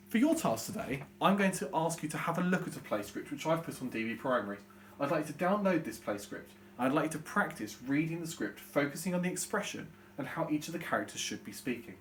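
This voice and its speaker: A young British man teaching a recorded online lesson to young children, explaining step by step in a clear, patient way. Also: medium pitch, a little hiss or hum. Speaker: primary school teacher.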